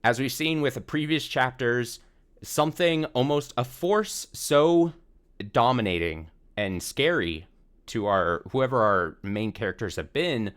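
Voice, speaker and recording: A man's voice: mid-range voice, lively intonation, a little slow, fairly bright tone, clear, resonant tone. A man streaming a visual novel, recapping the story in a casual, rambling way with restarts and the odd swear. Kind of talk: casual let's-play commentary.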